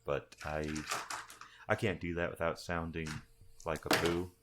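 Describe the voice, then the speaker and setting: A man's voice: deep voice, little pitch movement, measured pace, background noise. A man playing a tabletop game, chatting casually with wry jokes. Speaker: player.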